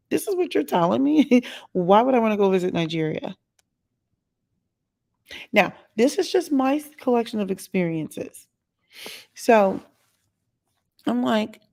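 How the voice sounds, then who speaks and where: A woman with a fairly low voice tells a story in a relaxed vlog monologue. Her tone is gravelly with noticeable fry. She chats in an animated way and acts out the people she quotes. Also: a little slow, long pauses. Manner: chatty, animated retelling with quoted asides. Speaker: vlogger.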